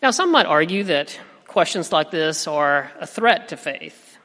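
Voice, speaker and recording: A man in his thirties preaching a sermon as pastor, telling a family story in a gentle, reflective way. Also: on the high side, lively intonation, unhurried. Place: church sanctuary. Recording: reverberant sanctuary.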